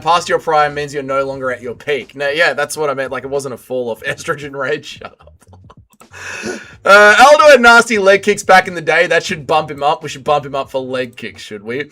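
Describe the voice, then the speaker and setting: A man's voice: a little high, bright, forceful tone. A young man hosting a casual livestream, reading chat aloud, swearing often and swinging between heated rants and mumbled apologies.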